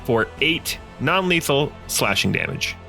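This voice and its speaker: A man playing a tabletop game, chatting with the game master and asking him quick questions. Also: medium pitch, sing-song, gravelly, pushed and bright, soft background music. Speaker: player. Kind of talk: casual tabletop game play.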